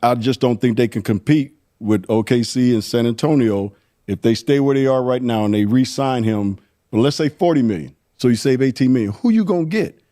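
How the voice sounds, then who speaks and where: A man's voice: medium pitch, brisk, dark tone, no echo, studio quality. A man on a sports debate panel, laying out his view in a matter-of-fact way. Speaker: sports analyst.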